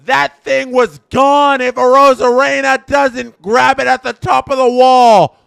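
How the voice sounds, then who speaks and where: A man streaming a live fan reaction, calling the action in an announcer style and swinging between emotional shouts and stunned murmurs. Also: extremely high pitch, little pitch movement, unhurried, vocal fry, clean tone, no echo, clean studio sound. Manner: announcer-style play-by-play call.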